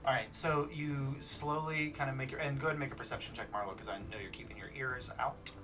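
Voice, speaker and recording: Man, game master, casual halting narration, mid-pitched, a little off-mic. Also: fairly even intonation, recorded from a distance. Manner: casual, halting, many fillers.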